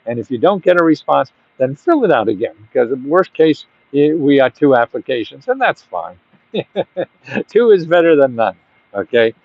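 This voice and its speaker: A man's voice: medium pitch, sing-song, moderate pace, no room sound. Chatty man with a dull, lo-fi sound. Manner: rambling and chatty, with bursts of emphatic urging. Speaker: host giving grant advice. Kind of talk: casual direct-to-camera talk. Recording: dull, dry lo-fi audio.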